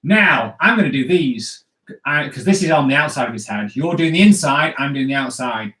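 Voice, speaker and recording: A man's voice: medium pitch, lively intonation, moderate pace, fairly bright tone. A man leading a live drawing lesson for kids, upbeat and chatty, always checking in with "all right?". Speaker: comics drawing teacher. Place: indoors at home. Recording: roomy echo.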